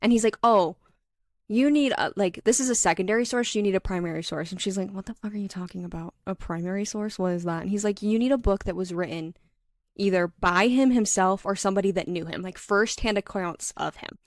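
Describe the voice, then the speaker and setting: A woman co-hosting a book podcast, retelling scenes in a casual, filler-heavy way with quick quoted voices. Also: mid-range voice, no room sound, studio quality. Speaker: podcast co-host. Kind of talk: casual book recap chat.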